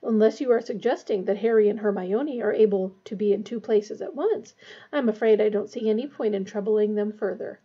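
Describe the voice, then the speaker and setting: Serene elderly headmaster, unhurried, read by a woman. Husky, lo-fi. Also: high voice, pitched above the performer's own voice. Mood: calm. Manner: quiet, calm. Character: calm wise old male headmaster.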